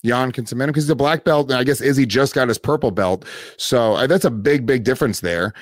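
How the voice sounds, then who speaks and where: A man co-hosting a casual podcast chat, relaxed and a little hesitant. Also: medium pitch, fast talker, no echo, studio quality.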